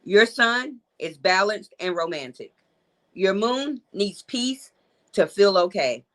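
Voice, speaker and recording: A woman's voice: mid-range voice, lively intonation, takes it slowly, rough recording. A woman, hosting a live call-in show in a loose, chatty way and talking straight to her viewers. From Georgia, USA. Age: 40s. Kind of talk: casual live-stream chat.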